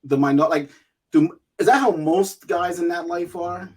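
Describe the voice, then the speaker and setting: A male host with a slightly higher voice who mostly says yeah and asks probing follow-ups. The tone is casual and conversational. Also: normal speed, darkish tone, slightly rough. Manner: short agreeing replies, probing follow-up questions. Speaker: interview host. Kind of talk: casual interview.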